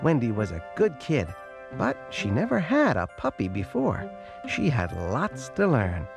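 A man reading a storybook aloud, voicing a lonely young male puppy who tells his own story in a gentle, lively way. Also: mid-range voice, measured pace, gravelly, full character voice. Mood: warm storytelling. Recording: loud music playing behind.

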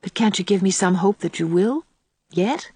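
A woman reading a quiet earnest young man. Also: mid-range voice, animated, moderate pace, slightly rough, no room sound.

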